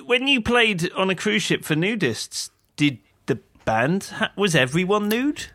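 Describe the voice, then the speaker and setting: A man hosts a podcast, asking curious, playful questions. His voice sits fairly high and rises and falls a great deal. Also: very animated, a little slow, pushed and bright. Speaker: podcast host. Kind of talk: casual interview and show outro.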